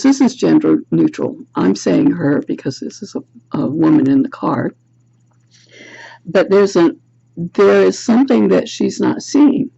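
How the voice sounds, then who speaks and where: A woman's voice: medium pitch, gravelly, dark tone, slightly rough, lo-fi sound. A woman giving a tarot card reading to camera, musing aloud and asking the viewer reflective questions. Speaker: tarot reader. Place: home room, self-recorded video. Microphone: camera's built-in mic.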